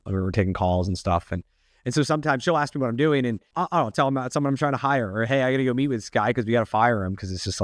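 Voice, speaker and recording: A man's voice: mid-range voice, dry recording, clean studio sound. A man hosting a casual interview, talking loosely and rambling, full of "you know" and "like". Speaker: podcast host.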